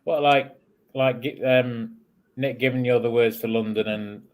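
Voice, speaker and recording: A man's voice: mid-range voice, steady tone, a little slow. A man co-hosting a casual live chat, hesitant and full of ums, with dry teasing remarks. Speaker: co-host.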